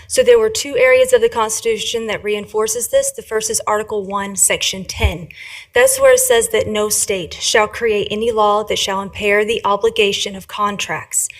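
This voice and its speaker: Woman, public commenter; quick, formal, legalistic delivery. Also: mid-range voice. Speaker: public commenter at a county meeting.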